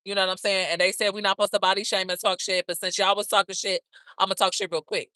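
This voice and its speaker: A woman's voice: mid-range voice, little pitch movement, quick pace, pushed and bright, no echo. A woman hosting a live stream, chatting casually with viewers in a brash, profane, gossipy way and calling them girl, baby and honey.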